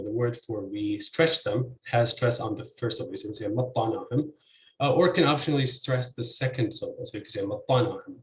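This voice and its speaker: A man's voice: medium pitch, reverberant, a little hiss or hum, poor audio. A man giving an academic conference talk on linguistics, explaining slide examples with many hesitations and fillers. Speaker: academic presenter.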